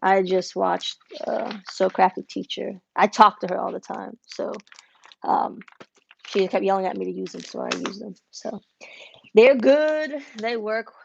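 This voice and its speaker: A chatty young woman talks casually to her livestream viewers from a home craft room, greeting each of them by name. Her voice has a gravelly, creaky edge at a middle pitch, with a faint hiss of noise behind it. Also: a little slow, dull audio. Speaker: embroidery business owner livestreaming. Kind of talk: casual livestream chat while working. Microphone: wireless earbuds.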